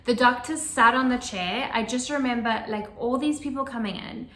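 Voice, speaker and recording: A woman telling the story of her child's birth in casual chat, animated and acting out the voices of the hospital staff. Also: fairly high pitch, normal speed, reverberant.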